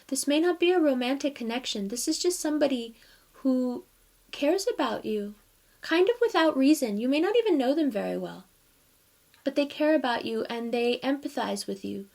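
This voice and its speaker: A woman's voice: high voice, expressive, moderate pace, vocal fry, a little mellow. A woman giving a casual tarot reading, talking straight to her viewers in a chatty way and laughing often. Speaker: tarot reader.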